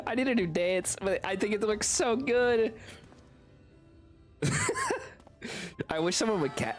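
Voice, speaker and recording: A male streamer gives loose, playful commentary while he plays, his voice swinging widely up and down as he laughs and jokes. He swears casually as he goes. Soft game music runs underneath. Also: high voice, animated, slow pace, long pauses.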